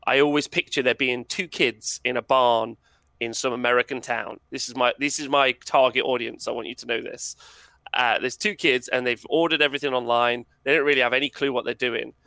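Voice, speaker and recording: A man's voice: medium pitch, fairly even intonation, fairly quick, vocal fry, pushed and bright, no room sound. A man talking as a podcast guest in casual, emphatic conversation, laughing often. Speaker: podcast guest, wargaming content creator.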